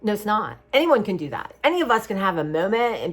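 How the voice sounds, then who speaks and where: A woman's voice: mid-range voice, very animated, fast talker, slightly rough. A middle-aged woman talking casually and from the heart to her viewers in a rambling vlog. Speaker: craft vlogger. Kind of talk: casual chat to camera.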